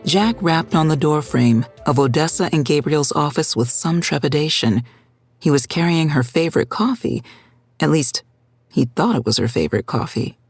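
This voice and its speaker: A woman reading a scripted story as narrator, in a steady, measured way, close to the microphone. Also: sits low, husky, soft background music. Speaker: audiobook narrator.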